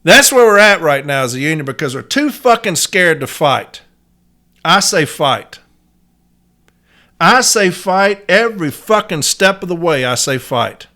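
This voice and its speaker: This is a heated solo podcast rant from a man who talks as a union letter carrier, cursing freely and sounding angry and emphatic. His slightly high voice is very animated, pushed and bright, moving at a measured pace.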